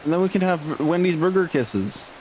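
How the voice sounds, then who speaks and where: Playful man, slightly high, sing-song, unhurried delivery. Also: expressive, a little mellow, slight background noise, poor audio. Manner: playful and silly. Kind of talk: casual chat. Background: game music.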